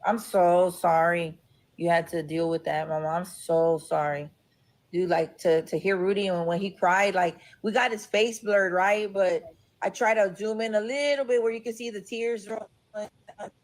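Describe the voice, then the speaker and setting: A woman's voice: lowish voice, fairly even intonation, moderate pace. A woman hosting a live stream, chatting casually and sympathetically with a caller. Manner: sympathetic, says dude a lot. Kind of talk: casual chat.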